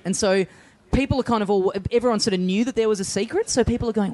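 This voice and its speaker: A man with an Australian accent tells a story at a fast clip, words tumbling out quickly. He rambles casually through the anecdote, slipping into the voices of the people in it. It sounds like comedic podcast chat at a studio mic. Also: high-pitched, a little mellow.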